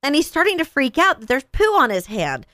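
Woman in her 30s, lively storyteller, slightly high voice, very dry close sound. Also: fairly quick, no echo. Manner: animated, acts out a child's and others' voices in her stories. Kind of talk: casual storytelling chat.

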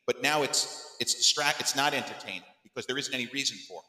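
A man around fifty telling a personal story on his podcast in an animated, emphatic way, his voice climbing high when he gets worked up. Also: fast. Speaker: podcast host. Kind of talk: storytelling monologue. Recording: echoey room with long reverb.

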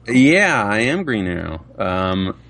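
Man, lively gravelly voice, laughs easily, guest voice actor in chat. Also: on the low side, slow. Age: adult with children. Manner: animated, laughs often. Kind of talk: casual interview chat.

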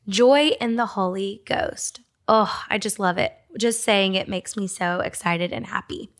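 A young woman from Georgia, giving a casual devotional talk with fillers and small laughs. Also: a little high. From Georgia, USA. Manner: casual, warm storytelling with fillers and little laughs. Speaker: speaker at a Christian ministry. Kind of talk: devotional teaching.

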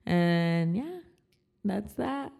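A woman's voice: mid-range voice, animated, very slow, creaky, mellow. Woman cohosting a podcast, mid voice, says like a lot. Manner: filler-heavy storytelling, lots of "like". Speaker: podcast co-host. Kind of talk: casual chat.

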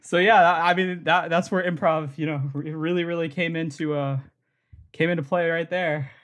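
A young adult man telling a rambling, comic story on a podcast, full of "like" and quick laughs. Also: a little high, steady tone, fairly bright tone. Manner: rambling, laughs often, heavy use of filler "like". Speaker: podcast co-host. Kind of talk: casual comedic storytelling.

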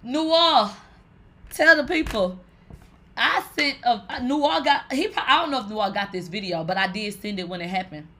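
A woman's voice: medium pitch, a little fast, hardly any pauses, a little hiss or hum. A woman hosting a live stream, telling stories to viewers in a loose, rambling way, swearing constantly and calling her audience "bitch". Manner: animated, profane, swears and calls listeners "bitch" often; rambling, with many fillers like "like". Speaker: livestream host. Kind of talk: casual storytelling to viewers.

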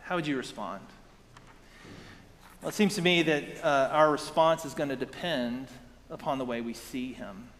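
In a reverberant hall, a pastor delivers a sermon in a conversational style, posing rhetorical questions. His voice is medium-pitched and slightly bright, at a normal speed with long pauses.

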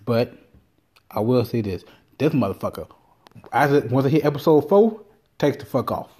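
A man with a mellow, relaxed voice talks alone on his podcast. He rambles from topic to topic, swears freely and tells stories with lively energy. His pitch sits in an ordinary middle range for a man. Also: moderate pace, husky. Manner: profane, rambling, animated storytelling. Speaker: podcast host. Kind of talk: casual solo podcast rant.

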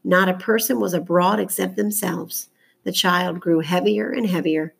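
Low, gravelly woman reading a novel. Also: steady tone, moderate pace. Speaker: audiobook narrator. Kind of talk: reading a children's novel aloud.

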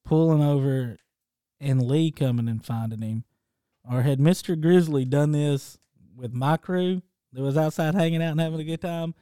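A man's voice: a little high, moderate pace, dark tone, clear, resonant tone, no room sound, studio quality. A man co-hosting a casual chat, making wry jokes.

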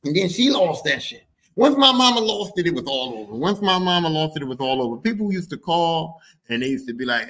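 A man hosting a podcast, telling a comic personal story in an animated, profane way. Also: on the high side, brisk. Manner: animated, profane, shifts into character voices. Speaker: podcast host.

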